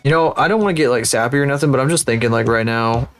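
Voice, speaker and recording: A man's voice: medium pitch, quick pace, a bit bright, faint music behind. A man streaming live, chatting casually and rambling with lots of swearing and self-mocking jokes while he works.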